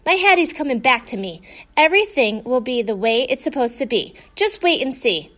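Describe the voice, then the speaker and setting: A woman voicing an eager, boastful young male dog in a storybook, excited and bouncy. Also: high-pitched, moderate pace.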